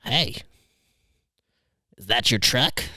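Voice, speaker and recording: A man's voice: mid-range voice, expressive, very slow, pushed and bright, dry recording, studio quality, full character voice. A man doing a friendly homeless guy.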